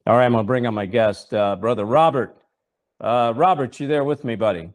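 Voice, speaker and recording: Speaking fairly quickly at a medium pitch, this middle-aged host and preacher fervently delivers his message on a religious talk show, leaning on rhetorical questions and repetition.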